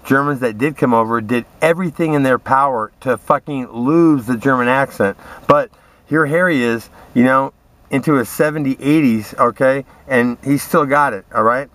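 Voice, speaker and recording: A man's voice: mid-range voice, moderate pace, fairly bright tone. A man in a profane, rambling, aggrieved rant, talking straight at his listeners. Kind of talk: ranting monologue to camera.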